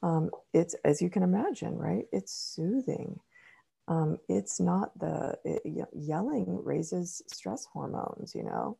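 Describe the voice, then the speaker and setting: A middle-aged woman therapist and author, answering interview questions in a measured, explanatory way with frequent ums. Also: lowish voice, wildly swooping pitch, gravelly, dark tone, slightly rough.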